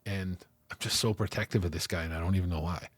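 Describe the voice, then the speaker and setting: Husky low-voiced man telling his story. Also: fast talker, dry recording. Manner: animated, acts out quoted voices, frequent "right?" and "like". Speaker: interview guest. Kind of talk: candid storytelling interview.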